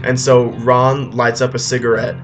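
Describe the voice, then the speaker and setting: A man retelling a film as a rambling comedy story, full of deadpan asides and fillers. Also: mid-range voice, moderate pace. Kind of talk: comic retelling over music. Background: faint guitar music.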